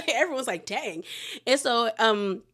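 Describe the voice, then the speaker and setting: Woman recapping a reality show, animated. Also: mid-range voice, normal speed. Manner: animated retelling with laughter and acted quotes. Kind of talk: casual episode recap.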